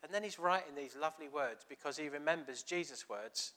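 A man's voice: a little high, a little fast, sharp tone. A man preaching a chatty, storytelling sermon, acting out quoted dialogue.

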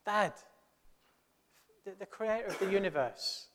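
Earnest preacher in a ringing church. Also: male voice, high-pitched, expressive, a little slow, fairly bright tone, long reverb tail, slight background noise. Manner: conversational, earnest, asks rhetorical questions. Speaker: pastor. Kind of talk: sermon.

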